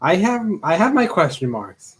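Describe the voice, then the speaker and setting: A man co-hosting a sports podcast, easygoing and quick to laugh. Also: sits high, big pitch swings. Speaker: podcast co-host. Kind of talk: casual sports talk.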